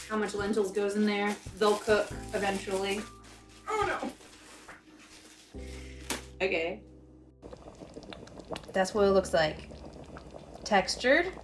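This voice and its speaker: A young woman from the American South, chatting and rambling while she cooks for her vlog. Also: mid-range voice. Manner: rambling, chatty, self-interrupting. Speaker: cooking vlogger. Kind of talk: casual cooking vlog chat. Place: home kitchen. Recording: echoey kitchen, mic far off.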